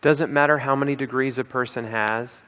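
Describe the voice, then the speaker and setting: A man's voice: mid-range voice, fairly even intonation, moderate pace, sharp tone. Man speaking in a reverberant hall. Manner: emphatic, repeats key lines, frequent "okay?" and "right?" asides. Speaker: speaker at a conference. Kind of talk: motivational talk to an audience.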